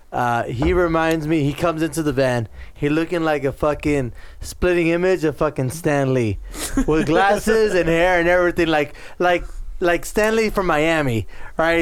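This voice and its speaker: High-voiced man telling a rowdy story. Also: clear, resonant tone, no echo. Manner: animated, swearing storyteller acting out quotes. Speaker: podcast co-host. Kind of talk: casual chat, storytelling.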